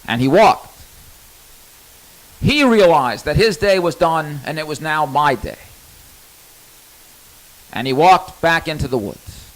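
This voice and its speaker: A man's voice: on the high side, lively intonation, takes it slowly, long pauses, rough recording. A man telling a personal story in a candid, rambling monologue, cursing freely.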